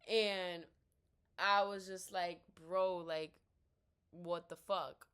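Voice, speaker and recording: A woman's voice: lowish voice, steady tone, a bit bright, clear, resonant tone. A young woman telling a story in a casual rant, blunt and swearing freely, acting out both sides of a conversation. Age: young adult. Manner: blunt, swears freely, quotes herself and others in quick dialogue. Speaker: vlogger. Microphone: laptop built-in mic.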